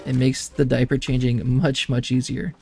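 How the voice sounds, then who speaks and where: A man's voice: medium pitch, flat delivery, normal speed, gravelly, warm tone, soft background music. A young man and streamer telling rambling family anecdotes in casual chat, laughing often. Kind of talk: casual chat while gaming.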